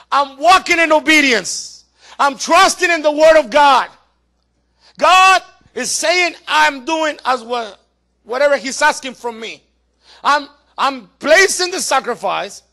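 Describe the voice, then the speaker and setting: A man preaching a sermon as pastor, urging his congregation to pay attention and rising to loud emphasis. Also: extremely high pitch.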